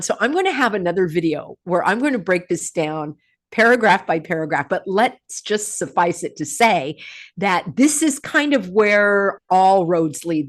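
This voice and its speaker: A middle-aged woman hosting a casual commentary for her viewers, animated and sarcastic, often breaking into laughter. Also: medium pitch. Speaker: host.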